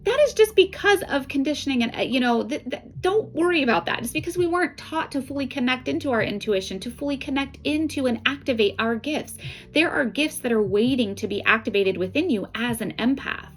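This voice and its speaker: A woman's voice: high voice, animated, fairly quick, soft background music, low-quality recording. A middle-aged woman, an intuitive card reader, talking in a casual, earnest way and often checking in with "right?" and "okay?". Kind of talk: casual spiritual guidance talk.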